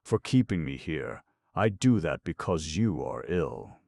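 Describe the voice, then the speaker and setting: A man's voice: extremely low pitch, unhurried, creaky, no echo, studio quality, exaggerated voice. A man voicing a mild, resigned old-world doctor. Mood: placating. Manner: calm, reasoning, apologetic. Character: mild, resigned middle-aged male doctor.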